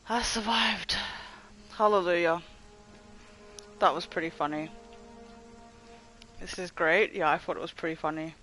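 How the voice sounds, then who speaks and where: A young man chatting casually to his viewers during a game livestream, excitable and swearing often. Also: high voice, slight background noise, rough recording. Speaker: gaming livestreamer. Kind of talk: casual live commentary to chat.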